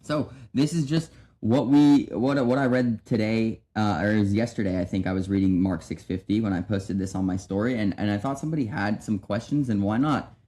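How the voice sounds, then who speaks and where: A man's voice: lowish voice, a little fast, hardly any pauses, dark tone. A young man hosting a podcast, giving a casual devotional talk with frequent restarts and asides to his listeners. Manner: conversational, many restarts and "right?". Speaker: podcast host.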